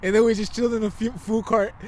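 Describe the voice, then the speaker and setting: A man's voice: high voice, flat delivery, quick pace. A young man co-hosting a casual podcast chat, slangy and laid-back, often laughing. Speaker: podcast co-host.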